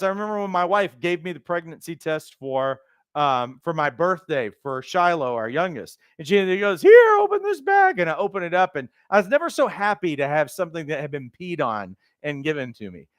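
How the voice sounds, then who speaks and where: A man giving an animated motivational teaching talk as a life coach trainer, acting out the voices he quotes. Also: sits high, smooth, dry recording, studio quality.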